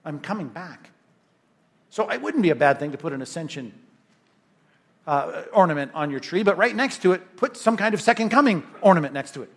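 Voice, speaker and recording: A man's voice: a little high, very animated, fairly quick, vocal fry. A male pastor preaching a sermon in an emphatic, conversational way, often checking in with "right?".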